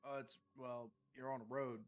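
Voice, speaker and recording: A man's voice: mid-range voice, level tone, moderate pace. A man running a tabletop game on a live stream, casual and joking, with some swearing. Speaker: game master.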